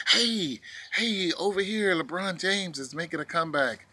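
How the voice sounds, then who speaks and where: A man ranting casually in a vlog from his porch, animated and mocking, often laughing. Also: on the high side, unhurried. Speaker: vlogger. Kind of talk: casual opinion rant.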